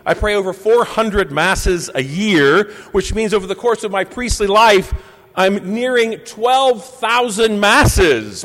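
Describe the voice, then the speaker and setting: Male Catholic priest, 50s, measured homily delivery with pauses, high voice, long church echo. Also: expressive, fairly bright tone. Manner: measured, reflective preaching with deliberate pauses. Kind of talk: Sunday homily.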